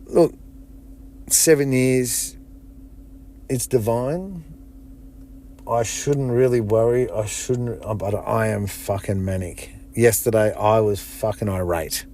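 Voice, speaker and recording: A man's voice: slow pace, pauses often, a little hiss or hum. A man talking alone on his podcast in a rambling, heavily profane way, his voice jumping up when he retells stories. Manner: excitable, pitch jumps up in retold stories. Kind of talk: casual solo podcast monologue.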